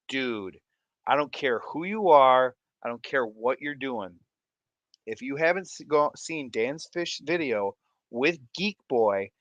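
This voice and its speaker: A man in his thirties chats on a livestream in an unhurried, drawn-out way, with a bright and forceful tone. He is goofy and excitable and often breaks into laughter. The sound is close and dry, with no room around it. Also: mid-range voice, no echo, highs cut off. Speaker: livestream host. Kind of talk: casual livestream chat.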